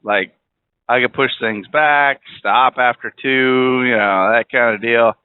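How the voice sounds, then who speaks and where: A man's voice: medium pitch, slow, clean tone. Guy ranting about food while driving, swears a lot, sounds like a phone line. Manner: rambling, profane, blunt opinions. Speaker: podcast host. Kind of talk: casual monologue. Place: driving in a car. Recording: tinny phone-like audio.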